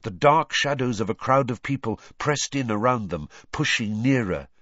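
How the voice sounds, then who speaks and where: A male narrator reading a novel aloud with a lively, rising and falling delivery and a dramatic storytelling manner. The recording is dry and a touch dull, like a home studio audiobook. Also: medium pitch, normal speed, no echo.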